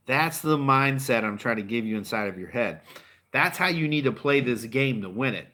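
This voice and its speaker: A man's voice: medium pitch, animated, moderate pace, bright, forceful tone. A middle-aged man and car dealer giving a fired-up, profane, blunt motivational talk to his channel's viewers.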